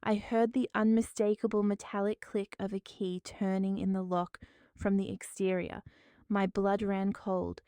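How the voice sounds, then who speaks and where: A woman narrating a dramatic first-person story in a measured, formal way. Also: medium pitch, level tone, mellow, clean tone, no room sound.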